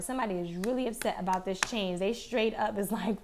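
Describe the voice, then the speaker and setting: A woman's voice: medium pitch, fast, few pauses, a little hiss or hum. Chatty woman reading tarot cards. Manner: chatty, exclaims and swears, repeats phrases. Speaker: tarot card reader. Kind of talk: casual tarot reading to camera.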